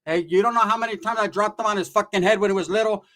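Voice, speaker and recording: A man's voice: high voice, fairly even intonation, rapid-fire, a bit bright, pitched above the performer's own voice. A man voicing his older aunt as she nags him to look after his cousin. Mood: nagging. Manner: nagging, warning. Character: scolding protective older aunt, woman.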